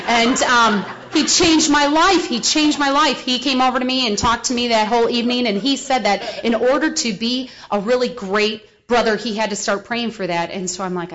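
Animated woman telling her recovery story. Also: on the high side. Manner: animated storytelling, acts out voices. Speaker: recovery speaker. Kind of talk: personal testimony talk. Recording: slightly dull recording.

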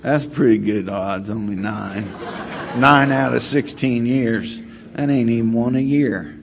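A middle-aged man at a recovery meeting telling his story in a wry, self-deprecating way, rambling with many pauses. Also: medium pitch, creaky, a crowd in the background. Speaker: speaker sharing at a recovery meeting. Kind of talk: storytelling share. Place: meeting room. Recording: slightly dull recording with faint room noise.

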